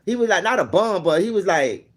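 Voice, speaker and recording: Animated, fairly high-voiced man telling a story. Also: fairly quick. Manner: animated, profane, acts out quoted dialogue. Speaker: vlog host. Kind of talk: casual storytelling to a friend.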